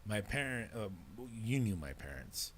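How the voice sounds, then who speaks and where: A man's voice: on the low side, sing-song, unhurried, breathy edge. A man hosting a podcast, telling a story in casual chat with heavy profanity. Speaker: podcast host.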